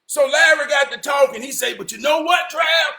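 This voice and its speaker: A man with a drawl spins a rambling tale in a very high voice, often raising it to a shout and acting out each friend. The sound bounces around an echoey room. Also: normal speed, vocal fry. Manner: animated, often shouting, slips into quoted voices. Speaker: storyteller. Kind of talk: casual storytelling.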